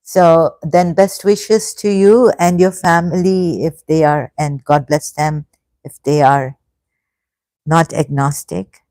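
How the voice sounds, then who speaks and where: A woman in her fifties hosting a casual livestream, halting and hesitant, full of restarts and effusive thanks. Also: low-pitched, fairly even intonation, mellow, dry recording. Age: 50s. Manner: emotional, effusively grateful. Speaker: livestream host. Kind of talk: casual livestream chat reading comments.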